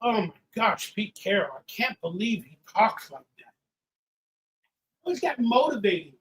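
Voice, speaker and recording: A tipsy man hosting a live watch-party stream, ranting and swearing, swinging from loud outbursts to low mutters. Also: very animated, moderate pace, poor audio. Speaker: livestream host. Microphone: headphones with mic.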